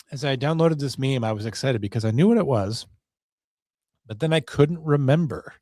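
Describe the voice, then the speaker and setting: A man's voice: mid-range voice, creaky, a little mellow, no room sound, studio quality. A man hosting a solo podcast, rambling in a wry, self-deprecating way. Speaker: podcast host.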